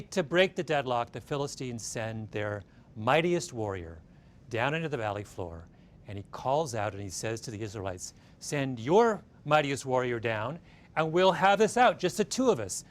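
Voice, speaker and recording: A man giving a storytelling talk, telling the story with animation and often checking in with his listeners. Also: mid-range voice. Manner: animated, keeps checking in with "right?". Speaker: speaker retelling a story.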